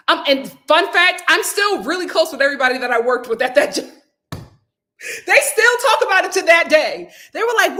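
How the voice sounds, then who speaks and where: A woman's voice: very high voice, expressive, moderate pace, sharp tone. A woman hosting a casual live stream, reading viewer comments aloud and telling a story in a chatty way. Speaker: YouTube host.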